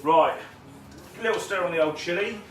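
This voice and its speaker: In an echoey home kitchen with frying sizzling nearby, a male cooking show host runs a live cook-along, chatting casually and naming viewers as he greets them. His voice is high-pitched and moves at a normal speed, with background noise present.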